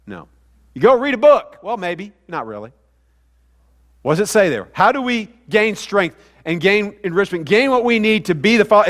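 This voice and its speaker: Pastor, male, high voice, conversational sermon delivery that asks the room questions, church reverb. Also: fairly bright tone. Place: church sanctuary. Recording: hall reverb.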